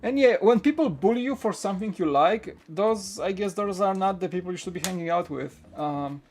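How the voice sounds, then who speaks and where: A man's voice: sits high, a little fast, darkish tone. A man hosting a live-streamed LEGO build, talking in a chatty, rambling way and reading out the chat. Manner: chatty, rambling, with frequent restarts. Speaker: LEGO channel host.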